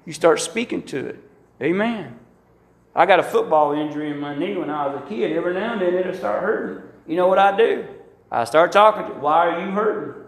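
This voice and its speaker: A middle-aged pastor preaches a sermon in an echoey room, spinning folksy stories and acting out quotes with animated flair. His voice sits high and moves a little fast.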